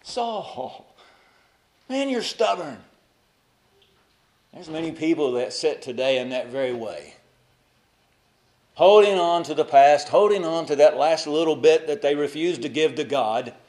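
A male pastor preaching a sermon, moving between loud emphatic lines and soft asides, and putting rhetorical questions to the congregation. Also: a little high, normal speed.

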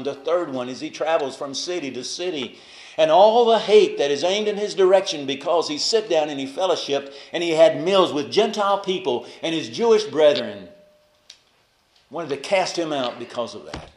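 A male preacher delivers a sermon with passion, sinking to near-whispers on key phrases before building back to raised emphasis. His voice sits at an ordinary middle pitch. The room around him rings with noticeable echo. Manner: impassioned, swings from hushed to raised emphasis. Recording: echoey room.

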